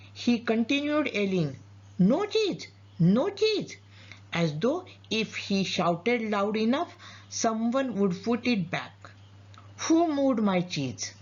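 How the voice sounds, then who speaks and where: Storyteller woman, husky and unhurried, expressive read of a story, heard on a dull lo-fi recording. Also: medium pitch. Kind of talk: storybook narration.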